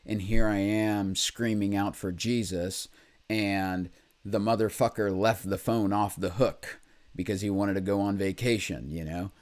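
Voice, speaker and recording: A man with a very low voice talks to camera in a personal confessional monologue. He speaks haltingly, with many pauses and fillers, and is candid and blunt, swearing freely. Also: steady tone, a little mellow. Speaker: vlog host.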